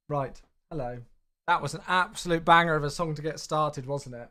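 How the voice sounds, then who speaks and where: An upbeat man, chatting casually on a livestream from home. His pitch and volume swing widely as he welcomes viewers by name, friendly and talkative. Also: moderate pace, pushed and bright. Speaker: flight sim livestreamer.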